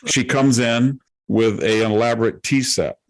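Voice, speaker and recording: A man's voice: medium pitch, fairly even intonation, moderate pace. A man hosting a podcast, telling a rambling anecdote with frequent asides and self-interruptions. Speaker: podcast host.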